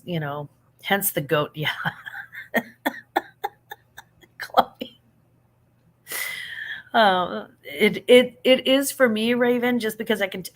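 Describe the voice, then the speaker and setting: A middle-aged woman hosting a casual live chat, answering viewers with laughs and affection while yawning and sleepy. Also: mid-range voice. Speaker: livestream host answering chat.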